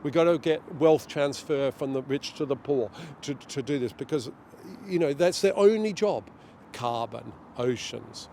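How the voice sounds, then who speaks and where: A middle-aged man being interviewed outdoors, talking in an animated way and acting out what others say. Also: medium pitch, measured pace, slight background noise. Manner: animated, storytelling, acts out quotes. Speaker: guest, director of a global governance group. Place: outdoors near a street demonstration.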